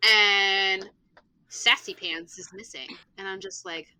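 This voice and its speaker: A woman who teaches school, telling a lively anecdote in casual chat, full of "like" fillers. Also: mid-range voice, slow pace, clean tone, poor audio. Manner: animated storyteller, many "like" fillers. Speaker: teacher and tabletop game player.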